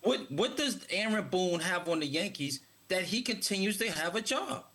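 Guy on a sports talk show, bright husky voice, keeps repeating himself when he gets going. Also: sits high, lively intonation, moderate pace. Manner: emphatic, repeats words when starting thoughts.

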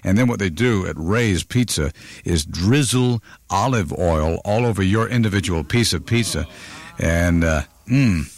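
A man's voice: sits low, unhurried, creaky, dry recording. A man hosting a radio countdown show, chatting playfully with callers and teasing them.

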